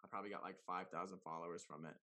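A man who makes comedy videos, talking in a casual, slangy, animated way on a podcast, with big swings in pitch and loudness. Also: very fast. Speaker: comedy content creator guest.

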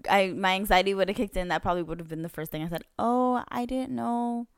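A woman's voice: fairly low pitch, fairly even intonation, very fast, clear, resonant tone, no room sound, studio quality. A young adult woman co-hosting a podcast in casual chat, self-deprecating and laughing, acting out what she would say. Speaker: podcast co-host.

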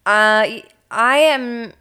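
A woman's voice: a little high, drawn-out words, pushed and bright, smooth. A woman co-hosting a casual true-crime podcast, walking her co-host through a case and acting out the quotes.

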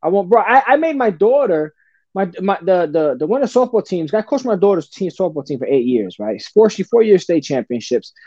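A man's voice: high-pitched, a little mellow, no echo, highs cut off. A middle-aged man with a Bronx accent, a podcast guest talking bluntly and profanely in casual street slang. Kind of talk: casual interview talk.

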